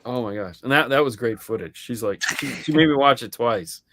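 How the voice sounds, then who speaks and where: A man co-hosting a podcast in casual chat, telling a story in a lively way and acting out the voices of the people in it, swearing now and then. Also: medium pitch, fairly quick, background noise. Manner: animated storyteller acting out quoted dialogue. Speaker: podcast co-host.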